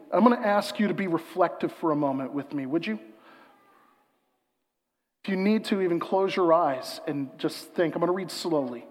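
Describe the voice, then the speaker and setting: A man preaching a sermon as pastor, emphatic and building to loud peaks, slowing to a hushed, reflective reading. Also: high-pitched, long reverb tail.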